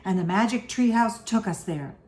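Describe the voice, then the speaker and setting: A woman's voice: mid-range voice, expressive, moderate pace, a little mellow, natural voice. Storybook young girl, cheerful and curious, lilting voice, echoey room , read by a woman. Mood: eager.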